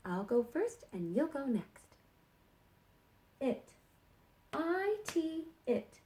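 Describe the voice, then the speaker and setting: A woman teaching sight words to young kindergarten children in a slow, encouraging sing-song way. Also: high-pitched, sing-song, warm tone, a little hiss or hum.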